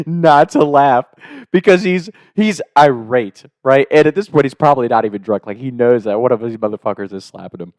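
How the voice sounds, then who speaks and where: A young man telling a comedic story casually, animated, laughing often and swearing. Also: mid-range voice, dry recording, clean studio sound.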